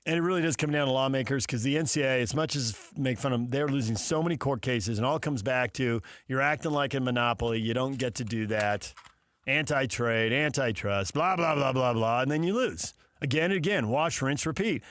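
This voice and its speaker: A man's voice: medium pitch, brisk, fairly bright tone. A man hosting a sports talk show, riffing casually with sarcastic asides and mock dialogues.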